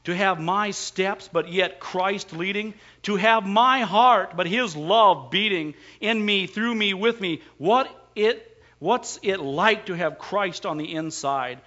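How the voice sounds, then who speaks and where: A man preaches with a high, bright voice and keeps asking the congregation rhetorical questions. He leans hard on his points. The recording sounds dull and lo-fi. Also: slow pace. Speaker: pastor. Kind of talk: sermon.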